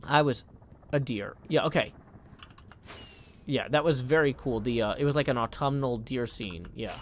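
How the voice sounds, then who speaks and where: A man in his thirties chatting casually on a live game stream, scattered and quick to mock-indignant outbursts. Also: medium pitch, a little hiss or hum.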